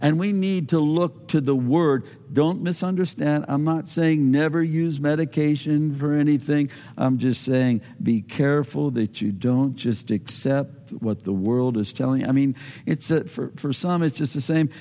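A man preaching a sermon as pastor, animated, acting out quoted voices with big swings in pitch. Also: moderate pace, big-room sound.

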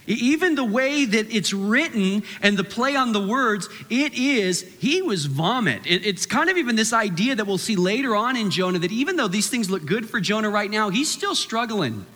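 A man preaching a sermon with animated delivery, acting out the voices of the people he quotes. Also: sits high, normal speed, few pauses, in a large hall. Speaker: pastor.

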